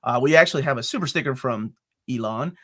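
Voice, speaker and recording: A man's voice: medium pitch, fast, pushed and bright. Chatty man hosting. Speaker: host. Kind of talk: casual interview chat.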